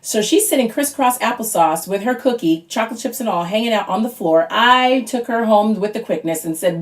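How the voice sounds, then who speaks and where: A woman in her thirties doing a stand-up comedy monologue at home, chatty and animated, sometimes squeaking out her kids' lines. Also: fairly quick, hardly any pauses. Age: 30s. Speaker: stand-up comic auditioning.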